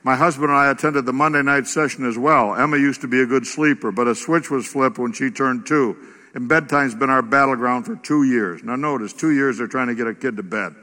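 A man preaching a sermon in a church, reading aloud and then speaking with animated, exclamatory emphasis. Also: mid-range voice, a little fast. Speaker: pastor. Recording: echoey church hall.

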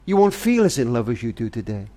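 Here a family charity speaker, an older man, talks fast in a mellow, medium-pitched voice with big swings in pitch. His heartfelt monologue is tender, earnest and grandfatherly, spoken as if to his granddaughter.

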